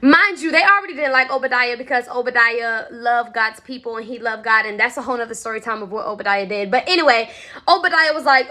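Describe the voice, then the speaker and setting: Lively young woman retelling Bible stories. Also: a little high, fast. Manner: lively, slangy, chatty retelling. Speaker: Christian content creator. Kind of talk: casual Bible storytelling. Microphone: phone.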